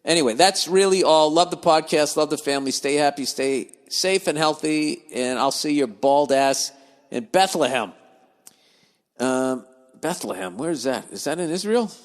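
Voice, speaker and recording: A man's voice: a little high, normal speed. Cursing, ranting man with reverb. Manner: swears freely, grumbles and digresses. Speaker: podcast host reading listener letters. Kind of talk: profane comedic rant.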